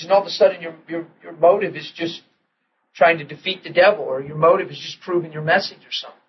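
Male preacher, fairly high voice, storytelling sermon with repeated restarts, dull recording. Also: quick pace, slight background noise. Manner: animated storytelling, repeats and restarts, drops to soft tones for quoted prayers.

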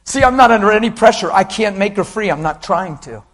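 Husky-voiced male preacher telling a story. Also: high-pitched, brisk. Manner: animated storytelling, voices quotes, laughs with the crowd. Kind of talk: sermon with acted anecdotes.

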